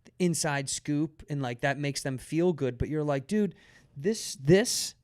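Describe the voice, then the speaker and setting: A man in casual podcast chat, telling an animated story full of fillers, restarts and acted-out quotes. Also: on the high side, normal speed, smooth, no room sound, clean studio sound.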